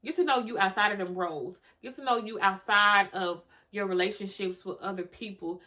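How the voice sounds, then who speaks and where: A woman's voice: mid-range voice, brisk, bright, forceful tone. A young adult woman hosting a solo podcast, talking emphatically and with feeling, repeating lines for effect and cursing casually. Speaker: podcast host. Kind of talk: solo motivational podcast talk.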